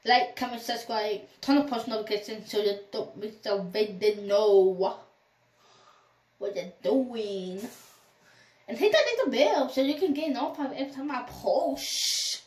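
A woman's voice: on the high side, measured pace, darkish tone. A young woman vlogger telling a storytime in a rambling way, acting out the phone calls she quotes. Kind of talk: storytime vlog. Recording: echoey room, mic at a distance.

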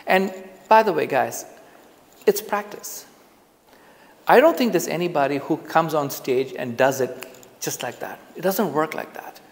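A man speaking straight to the camera as he teaches, relaxed and chatty, often going back over his phrases. His voice sits a bit high and has a gravelly edge. The room gives it a long, trailing reverb. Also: a little slow, pauses often. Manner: relaxed, conversational, repeats phrases for emphasis. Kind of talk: casual on-camera lesson. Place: indoors, filming himself on camera. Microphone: camera mic, speaking to camera.

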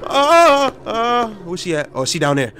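High, excitable young man gaming. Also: moderate pace, background noise. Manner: jumpy and loud, yelling and trash-talking. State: out of breath. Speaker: gaming YouTuber. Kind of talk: excited horror game commentary.

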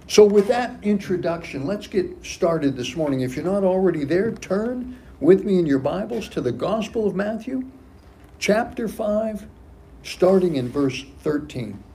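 Slow, mellow-voiced male pastor preaching. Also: high voice, animated, a little hiss or hum. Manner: emphatic, repeats key phrases for stress. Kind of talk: sermon. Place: church sanctuary.

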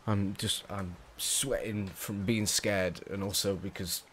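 A young English man with a low voice talks through a survival game, swearing and muttering in panic. A faint hum sits behind him. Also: steady tone, slow, a bit bright. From England. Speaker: gamer. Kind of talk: let's play commentary. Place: small hot room at home.

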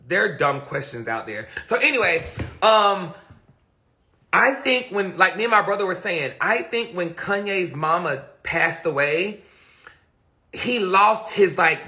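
Male livestreamer, profane and emphatic, talking into a phone. High pitch with fry. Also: pushed and bright. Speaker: livestreamer answering viewer comments. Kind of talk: casual livestream chat.

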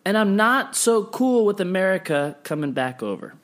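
Animated man in his thirties. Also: sits high, moderate pace. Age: 30s. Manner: playful, opinionated, animated. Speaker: podcast co-host. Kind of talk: casual chat.

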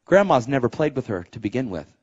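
A middle-aged man preaching a sermon as a story, animated, dropping to a hush and rising to shouts. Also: mid-range voice, quick pace, slightly rough, lo-fi sound. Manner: animated, swings from hushed to shouting.

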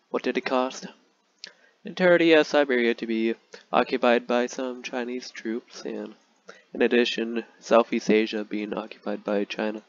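A young man casually commenting on a strategy game he is playing, rambling and joking in a deadpan way with lots of fillers. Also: medium pitch, highs cut off. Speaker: gaming YouTuber.

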